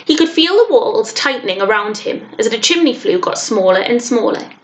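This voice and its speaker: A woman teacher reading a children's novel aloud with expressive storytelling. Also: fairly high pitch, fairly quick, slight background noise.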